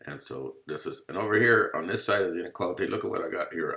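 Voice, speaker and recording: A male math teacher gives a casual, playful lecture from home in a screen recording, joking around and checking in with "you see?" His voice is deep and bright with a forceful tone and vocal fry, and he talks fast with few pauses.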